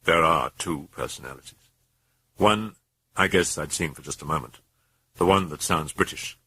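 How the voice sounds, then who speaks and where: A man voicing a troubled Jesuit priest who questions earnestly, in a husky, deep voice. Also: normal speed, sharp tone, dry recording, heavily acted.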